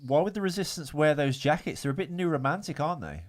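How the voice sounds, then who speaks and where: A man's voice: fairly high pitch, quick pace. A man co-hosting a casual podcast chat, reading out trivia with lots of fillers and restarts. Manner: rambling, hesitant, reads trivia with many fillers. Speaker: podcast co-host.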